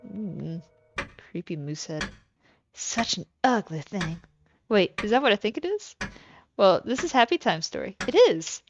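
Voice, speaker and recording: A woman streamer playing a game, reading its text aloud slowly and adding dry, wry asides. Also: medium pitch, very animated, muffled recording, background noise.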